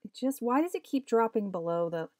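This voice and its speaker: A woman artist at home talking to her stream as she draws, muttering and swearing in frustration at her software. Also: fairly high pitch, animated, fairly quick, dry recording, studio quality. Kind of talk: casual live-stream commentary. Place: home workspace.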